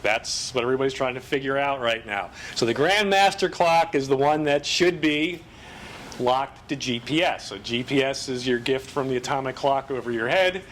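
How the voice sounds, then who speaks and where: A man giving a technical conference presentation, explaining terms in a brisk, fast-bursting way. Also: mid-range voice, fairly bright tone, a little hiss or hum.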